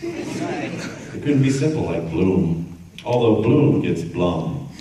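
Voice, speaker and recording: A middle-aged man jokes his way through a convention panel, wandering off on tangents. His voice sits a little low but swings widely in pitch. It is caught from far away in a very echoey hall, with a crowd audible behind him. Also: very animated, slow pace, noisy background. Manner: joking, rambling off on tangents. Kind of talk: casual convention panel talk. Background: audience laughter and crowd.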